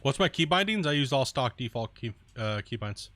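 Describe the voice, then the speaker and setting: Soothing, bright-voiced young male streamer. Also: mid-range voice, sing-song, a little fast, no room sound. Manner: laid-back, joking, slangy. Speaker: live streamer. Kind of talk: casual chat to viewers while gaming.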